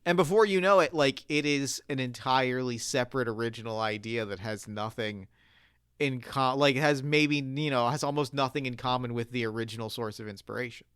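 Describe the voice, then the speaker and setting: Man talking with a smooth, dry voice. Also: medium pitch, fairly quick, no room sound. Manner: animated, lots of filler words and restarts. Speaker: guest author. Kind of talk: casual podcast chat. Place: podcast studio.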